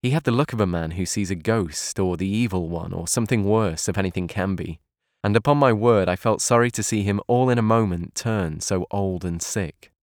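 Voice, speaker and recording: A man reads an audiobook aloud in a calm, measured way. His voice sits very low. The sound is dry, with no room echo. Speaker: narrator. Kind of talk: audiobook narration.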